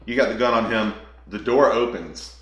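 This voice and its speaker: Excited man recapping a game, roomy echo. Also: fairly low pitch, normal speed, a little hiss or hum. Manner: animated, acts out character lines as he retells scenes. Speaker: co-host of a gaming channel. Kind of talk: casual spoiler chat about a game.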